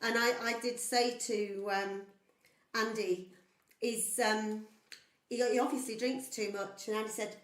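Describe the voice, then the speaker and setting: A woman's voice: fairly high pitch, steady tone, unhurried, a bit bright. Chatty woman in a roomy lounge. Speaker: folk musician hosting a live stream. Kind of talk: casual chat between songs. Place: home lounge. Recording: roomy room with instruments.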